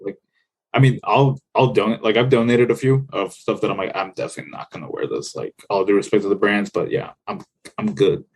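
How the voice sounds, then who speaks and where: Low-voiced guest rambling casually. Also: male voice, fairly even intonation, brisk, a little mellow, slight background noise. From United States. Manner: laid-back, rambling with many fillers and swearing. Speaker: podcast guest. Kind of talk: casual chat.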